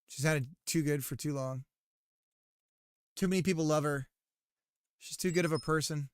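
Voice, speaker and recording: A man's voice: fairly high pitch, moderate pace, smooth, no room sound, studio quality. A man streaming live while working on his game, chatting casually and teasing his viewers. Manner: joking, teasing his chat.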